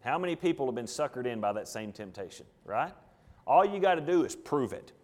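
A man's voice: mid-range voice, lively intonation, fairly quick, a little mellow. A man pastor preaching a sermon, emphatic and full of rhetorical questions.

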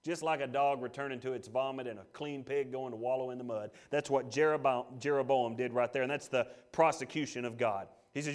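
A man preaching a sermon, emphatic, swinging between loud declarations and hushed asides, and reading scripture aloud. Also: medium pitch, fairly even intonation, a little fast, few pauses. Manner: reads scripture aloud, voices God in quotes. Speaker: pastor.

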